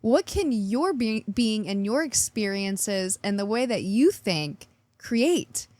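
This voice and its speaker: A woman's voice: mid-range voice, sing-song, slow, a little mellow, no echo. A woman hosting a weekly astrology forecast in a bubbly, chatty way, often laughing. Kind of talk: casual spoken forecast.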